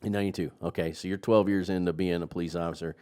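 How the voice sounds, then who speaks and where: Lowish guy hosting, playful, keeps butting in with questions and jokes. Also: racing, clear, resonant tone. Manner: animated, joking, prodding with questions. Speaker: interview host. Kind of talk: casual interview.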